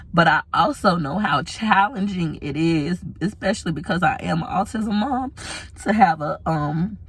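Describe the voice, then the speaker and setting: A woman in her thirties vlogging, candidly telling a personal story to camera, tearful, with long pauses. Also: low-pitched, gravelly, slightly rough. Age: 30s.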